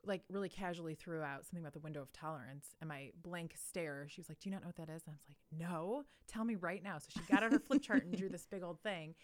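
A woman co-hosting a podcast in casual conversation, chatty and self-deprecating, with plenty of fillers. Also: fairly low pitch. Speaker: podcast co-host.

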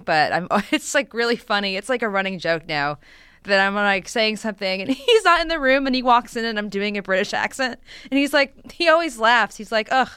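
A woman's voice: mid-range voice, bright, forceful tone, clean tone, no echo, clean studio sound. A woman co-hosting a podcast in casual chat, giggly and chatty with lots of fillers. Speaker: podcast co-host.

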